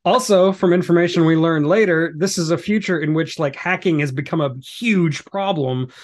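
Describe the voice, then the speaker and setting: A man's voice: fairly high pitch, moderate pace. A man co-hosting a podcast, chatting casually and agreeably about a TV episode, often chuckling. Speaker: podcast co-host. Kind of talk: casual TV recap chat.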